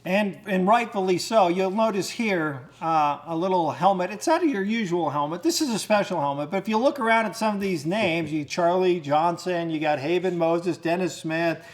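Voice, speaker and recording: A man with a high voice hosts a casual sports interview in a studio. He talks in an eager, conversational way. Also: expressive, normal speed, hardly any pauses. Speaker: show host. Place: studio set.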